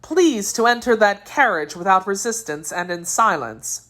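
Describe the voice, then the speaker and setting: A woman reading aloud, voicing a sly young male musketeer who tells a guarded, smooth tale. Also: medium pitch, expressive, moderate pace, fairly bright tone, pitched above the performer's own voice, natural voice.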